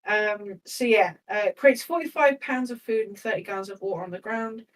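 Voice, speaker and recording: A woman's voice: mid-range voice, normal speed, far from the mic, low-quality recording. A woman playing a tabletop game, chatty and laughing, swearing now and then as she talks through her character's actions. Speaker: player.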